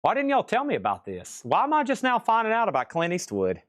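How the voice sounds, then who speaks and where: A man running a livestream auction with a raised, fairly high speaking voice, rambling off topic and cracking jokes at his own expense. The sound is close and dry, with almost no room in it. He calls lots and prices in a loose, chatty way. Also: wildly swooping pitch, quick pace, no room sound. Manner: rambling, joking, self-deprecating. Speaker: host of a live record sale.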